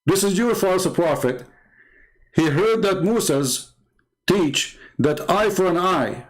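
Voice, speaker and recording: A man's voice: sits high, expressive, slow. A man hosting a live stream, giving a sarcastic, mocking polemical monologue with chuckles.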